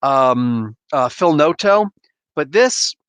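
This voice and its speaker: A man's voice: on the high side, expressive, takes it slowly, fairly bright tone, clean tone, no echo, dull audio. A man casually reviewing comics on a live stream, loose and joking, laughing often and swearing a bit.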